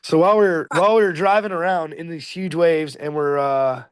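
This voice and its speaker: Excited man rambling through a fishing story. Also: on the high side, brisk, clean tone, no room sound. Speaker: fishing captain telling a catch story. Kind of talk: casual storytelling.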